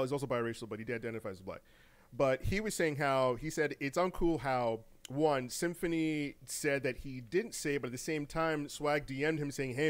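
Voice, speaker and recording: A man co-hosting a gaming news podcast in casual, animated chat, laughing often, repeating words and using slang. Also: medium pitch. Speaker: podcast co-host.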